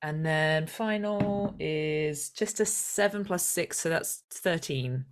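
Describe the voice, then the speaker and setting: A woman playing a tabletop game, chatty and excited, thinking aloud as she rolls. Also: deep voice, slow. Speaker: player. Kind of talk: casual tabletop play.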